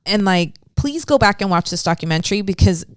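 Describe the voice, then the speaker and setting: Casual woman co-host with a mid-range voice; halting and hesitant, recorded dry. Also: mid-range voice, expressive, no room sound. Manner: hesitant, full of "like" and restarts. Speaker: podcast co-host. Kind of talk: casual chat.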